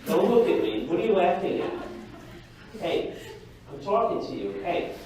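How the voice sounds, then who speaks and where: A man acting out an aggressive, threatening patient on cocaine who shouts in a raised voice, in an echoey hall from far off. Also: sits high, sing-song, moderate pace, a little hiss or hum, pitched above the performer's own voice. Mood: hostile shouting.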